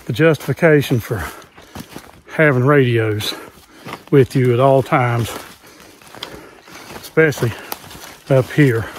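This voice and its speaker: A man's voice: medium pitch, a little mellow, a little hiss or hum. A man hosting an outdoor vlog, talking earnestly into a handheld cell phone while hiking a wooded mountain. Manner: earnest, talks while hiking, repeats safety advice. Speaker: channel host.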